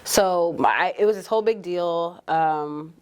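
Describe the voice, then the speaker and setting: A woman's voice: on the low side, measured pace, clean tone. A woman in her twenties, a journalist guest telling her story openly in a podcast interview, acting out what people said. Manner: open, animated storyteller who acts out quotes. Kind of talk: candid conversational interview.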